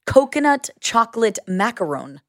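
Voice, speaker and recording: A woman's voice: a little high, big pitch swings, normal speed, no room sound, clean studio sound. A woman co-hosting a casual chat, upbeat and enthusiastic. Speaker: co-host.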